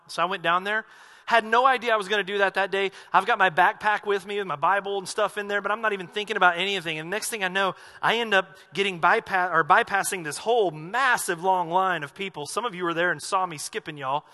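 Male pastor, sermon, high voice, chatty storyteller. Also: fast, sharp tone, long reverb tail. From American South. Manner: conversational, jokey storytelling.

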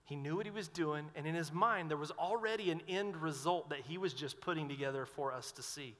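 A young adult man preaching a sermon, telling stories with swings between loud and hushed delivery. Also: fairly high pitch, brisk. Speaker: pastor. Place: large hall with long reverb. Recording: long hall reverb.

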